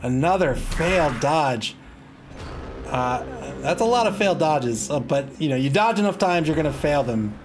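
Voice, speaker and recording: A man's voice: a little high, lively intonation, normal speed, slight background noise. A man doing casual play-by-play commentary on a match. He laughs often, is wry and self-amused, and groans in mock despair at the plays.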